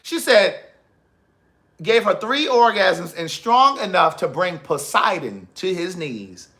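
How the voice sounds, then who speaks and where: A man's voice: high voice, big pitch swings, takes it slowly, sharp tone. A man hosting a casual comedic vlog, reading reviews aloud with sassy asides and frequent laughter.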